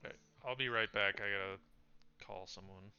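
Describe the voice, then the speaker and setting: Male player, sharp bright tone, playful, dull mix with faint music. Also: lowish voice, steady tone, moderate pace, clear, resonant tone. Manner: laughs often, playful. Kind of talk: casual tabletop game chat.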